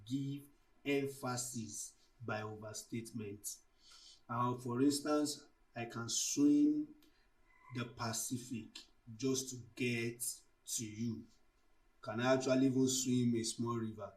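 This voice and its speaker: A man's voice: mid-range voice, distant mic, low-quality recording. A man tutoring students for exams, lecturing on figures of speech and explaining each term through worked examples. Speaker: literature tutor. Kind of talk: exam-prep lecture.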